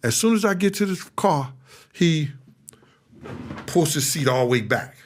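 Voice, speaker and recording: A former bodyguard telling a story in an interview, animated and acting out what others said. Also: male voice, measured pace, a little hiss or hum. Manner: animated, acts out other people's lines with big jumps in pitch. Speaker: former bodyguard recounting events.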